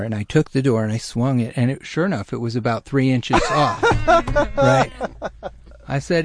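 A middle-aged man telling a personal story in a lively, self-deprecating way, with many restarts. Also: mid-range voice, normal speed. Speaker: storyteller guest.

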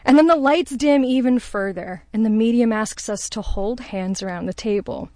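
Lively woman telling a funny story. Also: fairly high pitch, moderate pace, no room sound. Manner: lively, self-deprecating, acts out voices in quotes. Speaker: storyteller guest. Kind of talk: comedic personal storytelling.

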